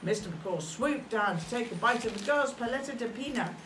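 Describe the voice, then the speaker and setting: A woman's voice: fairly high pitch, animated, brisk, a bit bright. Playful lady reading a kids book, kinda far from the mic, faint hum behind. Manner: playful, talks to a child listener. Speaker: storybook reader. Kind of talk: reading a picture book aloud. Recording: roomy room, mic at a distance, faint hum.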